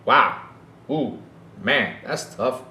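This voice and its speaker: A man's voice: mid-range voice, very slow, sharp tone, echoey room, a little hiss or hum. A man hosting a gaming podcast in a casual, mocking rant, often tacking "though" onto his sentences.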